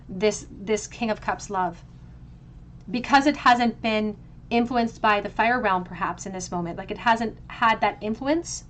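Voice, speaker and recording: A woman's voice: medium pitch, a little hiss or hum. A woman giving a pick-a-card tarot reading, talking in a flowing, reflective way and often restarting her phrases. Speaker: tarot reader.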